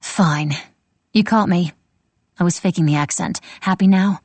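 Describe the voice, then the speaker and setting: A brisk, sharp-tongued young woman, read by a woman narrator, who teases and talks bluntly. The voice sits low, with a gravelly, husky edge and a dry, close sound. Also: no echo. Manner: quick, teasing, blunt.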